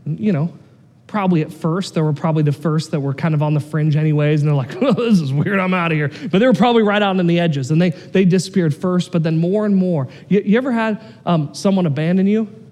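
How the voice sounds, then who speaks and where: A man preaching a sermon as pastor, animated and swinging between loud excitement and quiet, earnest intensity. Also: fairly high pitch, fast talker, big-room sound.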